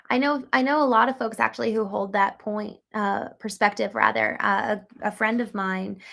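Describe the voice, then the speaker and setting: A woman's voice: medium pitch, gravelly, fairly bright tone. A woman hosting a casual livestream, talking earnestly and reflectively and reading out chat comments, with frequent ums and likes. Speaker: livestream host.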